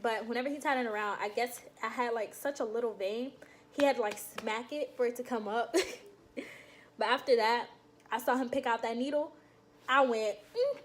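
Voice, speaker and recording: A young woman vlogging to her viewers in a casual, animated storytelling way, laughing often and calling them y'all. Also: fairly high pitch, normal speed. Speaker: vlogger recounting her enlistment processing.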